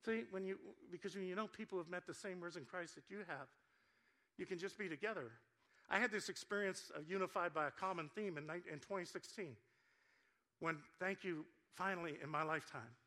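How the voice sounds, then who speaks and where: A male pastor delivers a sermon in a church, with a high-pitched voice. He tells stories in an animated, joking way and talks straight to the congregation. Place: church sanctuary.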